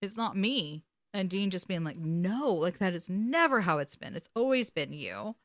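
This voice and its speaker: In a clean studio recording with no room sound, a woman speaks in a lowish voice at a moderate pace. As a podcast co-host in a casual recap chat, she tells the story with lots of emotion, animation, and frequent swearing.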